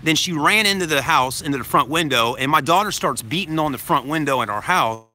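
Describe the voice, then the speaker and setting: A man's voice: a little high, expressive, brisk, pushed and bright. A man, a dad vlogging into his phone outside a grocery store, telling a story in a rambling way and adding "okay?" after his points. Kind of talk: casual storytelling to camera. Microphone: phone held to self.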